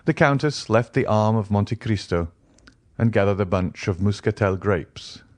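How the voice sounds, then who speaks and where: A man narrating a classic novel as an audiobook in a measured way. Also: fairly low pitch, a little mellow, no echo.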